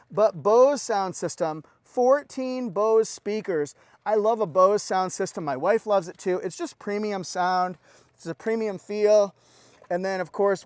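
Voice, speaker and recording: Man, car reviewer, high voice, dry close sound, upbeat and exclaiming. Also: a little mellow, no echo. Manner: upbeat, exclaiming, pointing out features. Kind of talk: enthusiastic walkaround review. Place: car dealership lot.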